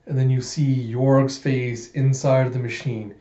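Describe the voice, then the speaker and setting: A man's voice: mid-range voice, measured pace, reverberant, highs cut off. Casual man reading a comic aloud. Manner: casual, excitable, laughs often. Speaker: comic reader. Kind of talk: casual comic book readthrough.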